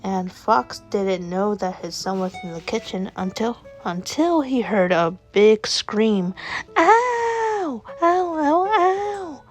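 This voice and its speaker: A woman narrating an improvised children's story in a slow, simple storybook manner. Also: mid-range voice, a little mellow, faint music behind.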